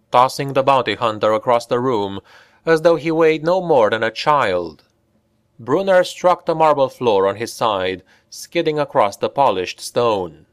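A man narrating a dark fantasy audiobook in a slow, deliberate and dramatic way. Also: medium pitch, no room sound, studio quality.

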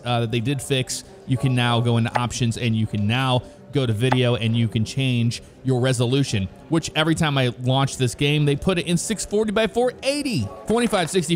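A man hosting a casual let's-play, commenting in a jokey way, exclaiming and reading game prompts aloud. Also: medium pitch. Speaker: gaming video host.

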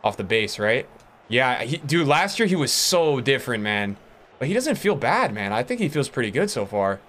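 A young man giving casual, excitable commentary over a football video game stream. His pitch jumps around a lot as he reacts, and he swears freely while talking to chat. There is a faint hiss of background noise. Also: moderate pace. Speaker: gaming streamer.

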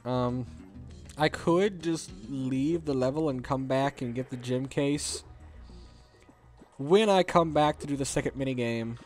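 A man's voice: mid-range voice, a little slow, a little mellow, soft background music. A man hosting a let's play, rambling through gameplay commentary with sarcastic, jokey asides.

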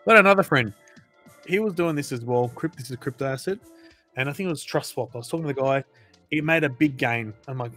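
A man's voice: medium pitch, fairly quick, fairly bright tone, faint music behind. A man hosting a crypto channel, giving casual, emphatic advice to his viewers and repeating phrases for emphasis.

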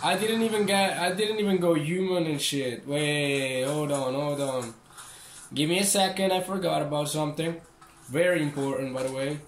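A man's voice: fairly high pitch, normal speed, echoey room, a little hiss or hum. A young man giving casual gameplay commentary, joking, swearing and taunting the enemies on screen. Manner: profane, joking, talks to the game's enemies. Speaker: gaming channel host.

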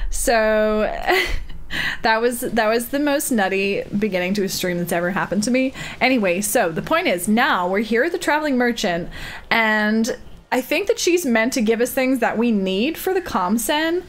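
A woman's voice: a little high, expressive, normal speed. Bubbly woman streamer in a put-on accent. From Australia. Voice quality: doing a put-on accent instead of her normal one. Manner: reads out and thanks chat, laughs often, bubbly. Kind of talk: casual live-stream chat while gaming.

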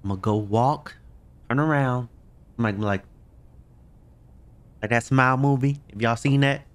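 Unhurried and clear, this man's mid-range voice carries a resonant tone. Hosting his own gaming channel, he gives jumpy, talkative commentary on a horror game, speaks straight to viewers, and lets out yelps when he gets scared.

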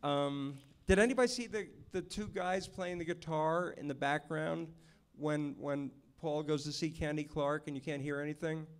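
Male director at a Q&A, animated raconteur, pitched a bit high. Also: moderate pace, smooth. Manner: animated storyteller, acts out the people he quotes. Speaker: film director. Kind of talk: storytelling at a Q&A. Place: stage at a film screening venue.

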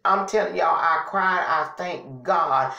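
A woman's voice: on the low side, slow, creaky, bright, forceful tone, dull audio. A woman telling a personal story to her viewers in a chatty, testifying way, often saying "y'all". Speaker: vlogger. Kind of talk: casual storytelling to camera. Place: at home. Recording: echoey home room.

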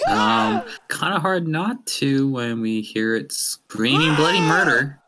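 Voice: mid-range voice, lively intonation, slow, sharp tone, low-quality recording. A tabletop player speaking in a hesitant way, with many ums. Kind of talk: casual tabletop chat.

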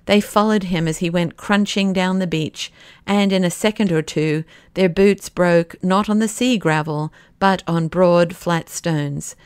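A woman with a smooth, rather low voice reads a classic novel aloud at a measured pace, slowing for the dramatic passages. The recording is dry and close, with no room sound. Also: a little mellow, dry recording. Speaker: audiobook narrator. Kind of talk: scripted narration of a classic novel.

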